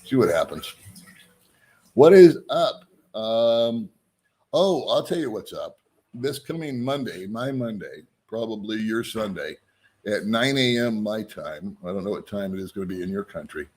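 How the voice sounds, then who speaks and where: A man's voice: fairly low pitch, lively intonation, unhurried, darkish tone. A man hosting his own vlog, chatting casually and loosely, with frequent ums and chuckles. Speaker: vlog host. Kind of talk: casual rambling vlog chat.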